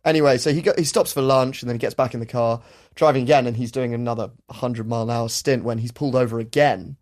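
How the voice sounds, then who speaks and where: A man hosting a podcast, telling a story in a lively, animated way and breaking into shouted character voices. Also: mid-range voice, quick pace. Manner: animated, acts out characters with loud shouted impressions. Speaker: podcast host. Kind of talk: storytelling chat.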